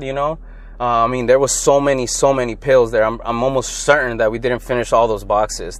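Young guy from LA rambling through old stories on his podcast, restarts a lot, gets loud when he quotes people, dead dry close mic. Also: mid-range voice, no echo. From Los Angeles. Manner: rambling, self-interrupting, animated when quoting people. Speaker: podcast host. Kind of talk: casual solo storytelling.

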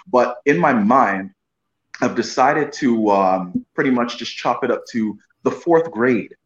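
A man's voice: medium pitch, lively intonation, measured pace. A man, an actor guest, telling a casual story with many restarts and repeated "you know what I mean.". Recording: roomy, dull lo-fi sound.

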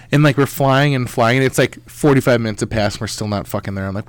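A man's voice: medium pitch, fast talker, hardly any pauses, clean tone, no room sound. A young man hosting a podcast, telling rambling, profane stories in casual chat. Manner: rambling, profane storytelling with lively quoted voices. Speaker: podcast host.

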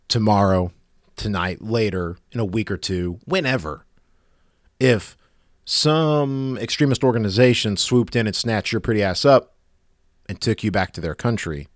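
A man's voice: on the low side, a little slow, pauses often, no room sound, studio quality. A man delivering a sarcastic, exasperated rant in a monologue. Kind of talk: ranting monologue.

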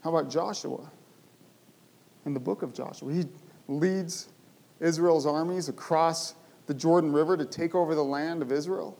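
High-voiced emphatic male preacher. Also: normal speed, gravelly, long pauses, darkish tone. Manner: emphatic storytelling with rhetorical questions. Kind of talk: sermon.

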